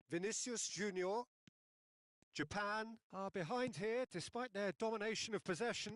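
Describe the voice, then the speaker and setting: A man giving play-by-play football commentary in a video game, building up excitedly and shouting at goals and shots. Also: high-pitched, measured pace, no room sound.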